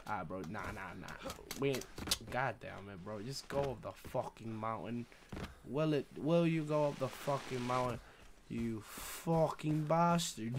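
A young man streaming a shooter game live, swearing and trash-talking through casual commentary with sudden loud outbursts. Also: medium pitch, a little slow, a little hiss or hum. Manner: profane, loud, reacts with outbursts and trash talk. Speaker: gaming streamer.

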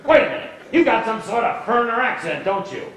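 A man's voice: extremely high pitch, very animated, quick pace, fairly bright tone, full character voice. A man voicing a suspicious border vigilante in a comic puppet show. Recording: echoey hall from far off.

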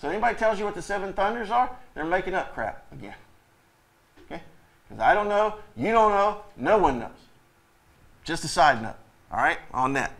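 A man's voice: sits high, sing-song, normal speed, vocal fry, long pauses, a bit bright. A man preaching a sermon as pastor, reading scripture aloud and talking directly to his congregation with emphatic conviction. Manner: reads scripture aloud in King James wording.

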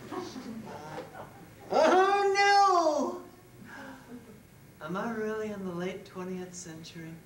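A woman's voice: fairly low pitch, fairly even intonation, fairly quick, hardly any pauses, close to an everyday voice. A woman performing live on stage as a flustered, giggly female goddess-in-training who chats directly with the audience. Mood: chatty. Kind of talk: live solo theater performance. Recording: echoey live room, distant mic, background noise.

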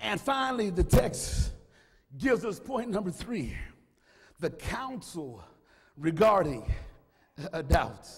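A man's voice: high voice, expressive, slow pace, long pauses, husky. A male pastor preaching a sermon in a fervent, half-sung cadence with frequent "uh" fillers, in a church. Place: church sanctuary. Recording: long reverb of a church hall.

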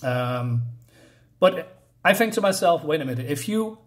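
A man's voice: on the high side, expressive, unhurried. A man casually walking through a comic book's story, hesitant and full of fillers and self-corrections, chatty and laughing at himself. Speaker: comic book reviewer. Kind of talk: casual comic book walkthrough.

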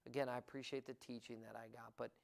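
A man's voice: medium pitch, flat delivery, quick pace, gravelly. Man in a pulpit, mid-range voice, earnest pastor who works himself up, loose and conversational with fillers. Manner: earnest preaching that builds in energy, with fillers and restarts. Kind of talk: sermon. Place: church sanctuary.

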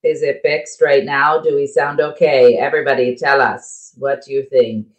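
Woman cohost talking into a mic at home, sassy and bossy, fast comebacks, casual chat. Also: very deep voice, little pitch movement, low-quality recording. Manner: bossy, teasing, quick comebacks. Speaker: podcast co-host. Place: at home, on a remote call. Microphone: microphone with headphones.

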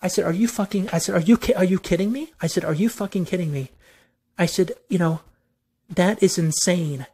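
A vlogger rants straight to camera in a venting monologue, heated and profane. The speech circles back over the same complaints again and again. It sounds aggrieved and insistent, pitched in a middling range. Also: a little fast, mellow, breathy edge.

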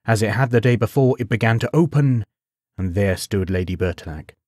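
A man narrating a bedtime story in a measured, unhurried way. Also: fairly low pitch, animated, a little mellow, no echo, clean studio sound.

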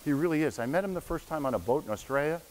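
A man's voice: on the high side, lively intonation, racing. A man in his sixties giving a casual, anecdotal lecture to an audience in a university hall, slipping into voices when he quotes people. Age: 60s. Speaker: guest lecturer. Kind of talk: storytelling lecture. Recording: echoey hall, faint hiss.

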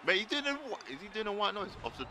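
A man streaming a wrestling video game live, excitedly commentating, swearing and shouting at the screen. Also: high voice, rapid-fire, a faint crowd, slight background noise. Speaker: gaming streamer.

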